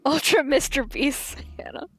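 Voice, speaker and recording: A woman's voice: high voice, a little slow, a bit bright, soft background music. A woman in her twenties with a light Southern accent, chatting and giggling with her live-stream chat. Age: 20s.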